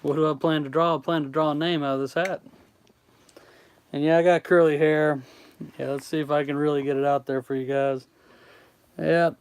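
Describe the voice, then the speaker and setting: A man's voice: on the high side, flat delivery, normal speed, long pauses, smooth. A man from Tennessee with a Southern accent, chatting casually with viewers on an art livestream, easygoing and rambling as he answers questions. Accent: Southern American. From Tennessee, USA. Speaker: artist streamer.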